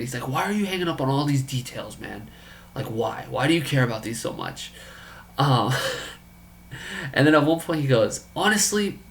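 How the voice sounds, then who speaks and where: A man telling a story about a friend's business pitch in a casual, incredulous way, acting out the dialogue. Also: fairly bright tone, a little hiss or hum. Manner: incredulous, quoting others in dialogue.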